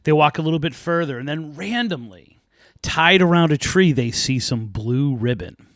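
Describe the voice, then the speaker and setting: A man hosting a podcast, casually retelling a folk tale with lively asides and light laughs. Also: fairly high pitch, normal speed, no echo, clean studio sound. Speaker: podcast host.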